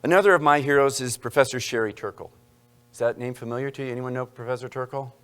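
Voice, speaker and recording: Guy lecturing in a hall, middle pitch, cracks little jokes at the crowd. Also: fast talker, fairly bright tone, clean tone. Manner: jokey asides to the audience. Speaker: university lecturer. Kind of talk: public lecture.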